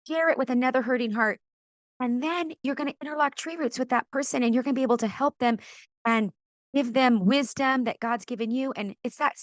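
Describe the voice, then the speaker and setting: A middle-aged woman from California, a podcast guest and author, telling her faith story in an animated way, acting out quoted voices and laughing often. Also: fairly high pitch, dry recording. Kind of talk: animated testimony in a faith interview.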